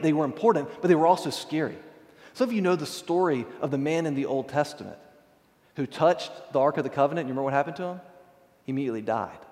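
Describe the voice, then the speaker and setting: A man's voice: a little high, a little mellow. A man preaching a sermon in a church, in a casual, conversational way, with frequent asides to the congregation. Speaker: pastor. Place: church sanctuary. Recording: long hall reverb.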